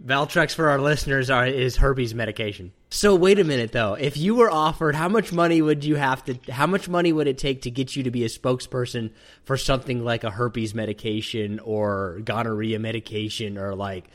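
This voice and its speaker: Guy hosting a podcast, wry and teasing, pretty average pitch. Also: fairly quick, a bit bright. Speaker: podcast host. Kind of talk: casual chat.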